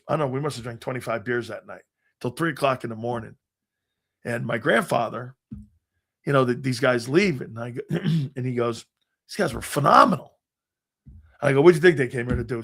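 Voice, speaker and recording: A middle-aged man hosting a sports talk show, telling rambling, animated anecdotes full of restarts. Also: medium pitch, creaky. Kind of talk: casual storytelling.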